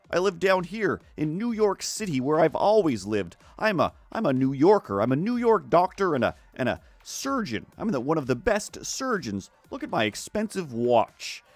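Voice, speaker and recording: A man putting on a stiff, overly American superhero doctor who talks in halting, wooden sentences, as if just learning to speak. The voice sits well above his usual pitch and comes out louder. It is a mocking impression. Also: no room sound.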